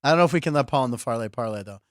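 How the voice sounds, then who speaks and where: A man's voice: medium pitch, expressive, rapid-fire, no echo. A middle-aged man hosting a sports podcast in a studio, joking loosely and laughing often in casual chat. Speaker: podcast host.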